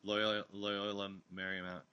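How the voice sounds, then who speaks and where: A man hosting a casual chat, telling rambling, animated stories full of cursing. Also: fairly low pitch, normal speed, over music. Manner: rambling, animated storytelling with profanity. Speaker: host. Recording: recorded live on an online stream.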